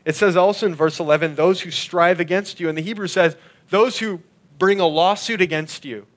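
Earnest preacher man, slightly high voice. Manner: earnest, slows and drops his voice on scripture lines. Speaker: pastor. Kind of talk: sermon.

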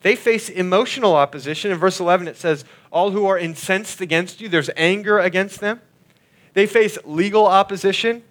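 A man preaching a sermon, earnestly expounding scripture and slowing down and dropping his voice on key lines. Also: sits high. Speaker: pastor.

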